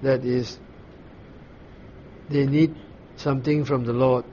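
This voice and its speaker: A man preaching a sermon, explaining scripture slowly, pausing often and asking his listeners questions. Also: medium pitch, steady tone, warm tone, highs cut off, slight background noise. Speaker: pastor. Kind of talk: sermon, Bible teaching.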